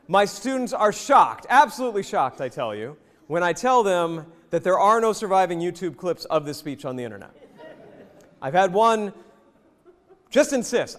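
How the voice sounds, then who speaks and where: A man from the American South giving a jokey, animated leadership presentation and talking straight to the audience in a hotel event hall. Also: high voice. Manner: lively, jokey, addresses the audience directly. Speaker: leadership speaker. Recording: long reverb in a hotel hall.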